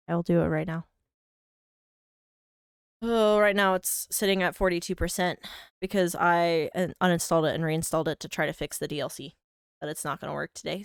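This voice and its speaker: Young woman, game streamer, casual rambling chat, mock-whiny, gravelly voice. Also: fairly low pitch, no echo, clean studio sound. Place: home.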